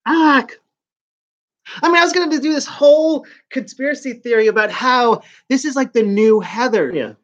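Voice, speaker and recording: A man's voice: very high voice, expressive, normal speed, fairly bright tone. Rambling New York man on a dull lo-fi stream. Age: 40s. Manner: rambling, stop-start, chatting to viewers. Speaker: live-stream host. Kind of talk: casual live-stream chat.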